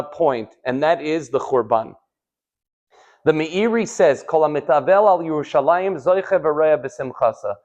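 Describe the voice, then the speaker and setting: Animated rabbi telling stories. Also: male voice, fairly high pitch. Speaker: rabbi giving a Torah class. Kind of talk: live sermon with storytelling. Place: synagogue hall.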